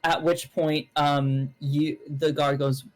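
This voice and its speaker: Rambling, slightly high-voiced game master. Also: male voice, little pitch movement, takes it slowly, rough recording. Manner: rambling, full of fillers and self-corrections. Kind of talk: narrating a tabletop game on a stream.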